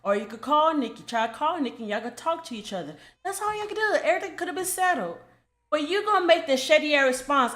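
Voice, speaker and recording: High-voiced woman ranting bluntly. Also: animated, fast, fairly bright tone. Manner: blunt, repetitive, profane scolding. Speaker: commentary creator. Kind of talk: casual commentary rant.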